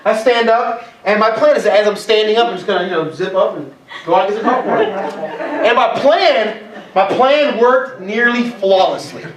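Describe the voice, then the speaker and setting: Joking preacher with a high voice. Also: male voice, lively intonation, normal speed, over a noisy crowd. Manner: joking storyteller, self-mocking. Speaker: pastor. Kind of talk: sermon. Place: church hall. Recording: echoey church hall from far off.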